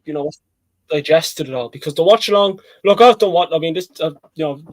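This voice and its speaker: Excitable higher-voiced football fan man. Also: a little fast, low-quality recording. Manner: excitable, rambling, says "mate" often. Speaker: football podcast co-host. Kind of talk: casual match-reaction chat.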